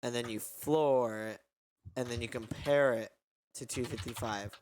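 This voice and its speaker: A man's voice: medium pitch, steady tone, measured pace, a little mellow, a little hiss or hum. A young man hosting a casual stream from his bedroom on a headset, explaining his code in a loose, rambling way. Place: home bedroom.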